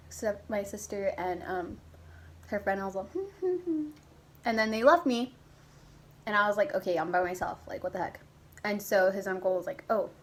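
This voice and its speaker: A young woman talking straight to her camera at home, telling a personal story in a loose, chatty way. Her pitch sits in the middle and her delivery is lively, with casual swearing and sudden squeaky impressions of herself. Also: a little hiss or hum, rough recording. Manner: animated, swearing, acts out her past self in high squeaky voices. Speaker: vlogger.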